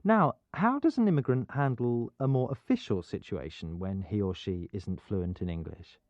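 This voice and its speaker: A man presenting an educational programme, explaining things clearly in scripted narration. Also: fairly low pitch, animated, moderate pace, darkish tone, no room sound. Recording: dull, dry studio sound.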